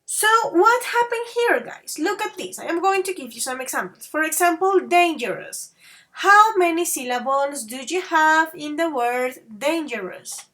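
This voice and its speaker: High-voiced slow-talking woman teacher. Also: animated, bright, forceful tone. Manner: slow and patient, calls students babies and dears; switches between English and Spanish to explain. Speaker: English teacher. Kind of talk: online grammar lesson.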